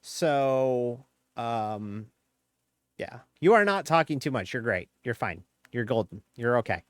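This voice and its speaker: A man's voice: mid-range voice, lively intonation, takes it slowly, no room sound, studio quality. A man with a slightly nasal voice, chatting casually on a live stream and rambling with many fillers.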